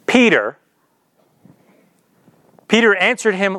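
Male preacher, fairly high smooth voice, chatty and earnest, dry close sound. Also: moderate pace, sharp tone, no room sound. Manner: earnest, informal, filler-heavy with "like". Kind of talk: conversational sermon.

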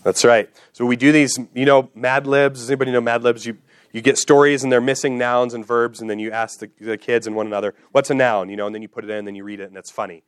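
Male preacher, earnest teaching tone, repeats key lines, mid pitch, dry close sound. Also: level tone, fast, clear, resonant tone, dry recording. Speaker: pastor. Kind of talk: sermon.

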